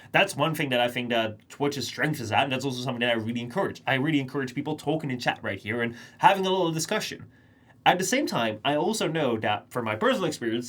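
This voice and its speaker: A man's voice: mid-range voice, a bit bright. A young man streaming live, talking casually to his chat in a rambling, think-aloud monologue.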